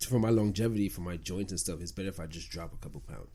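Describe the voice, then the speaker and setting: A man's voice: sits low, fast talker, mellow, slightly rough. A young man, a basketball player, chatting as a podcast guest in a laid-back way, often trailing off and restarting his sentences. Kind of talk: casual chat.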